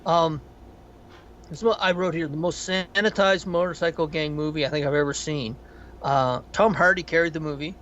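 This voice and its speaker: A man's voice: on the high side, normal speed, lo-fi sound, a little hiss or hum. A man co-hosting a podcast, chatting casually and profanely about a film in a rambling way. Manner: rambling, profane, animated storytelling. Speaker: podcast co-host. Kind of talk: casual film review chat.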